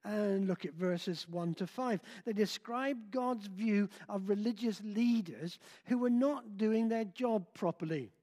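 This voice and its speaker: An older man preaching a sermon in a church, slow and halting with many filler sounds. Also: sits high, mellow. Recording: long reverb in a hall.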